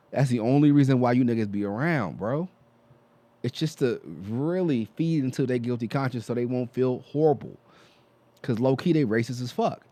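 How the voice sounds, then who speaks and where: A man hosts a reaction in a blunt, profane way, cutting in often. His voice is lively and jumps up and down a lot. The sound is close and dry. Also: mid-range voice, brisk, dry recording. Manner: blunt and profane, with frequent interjections. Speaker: host. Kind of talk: reaction commentary.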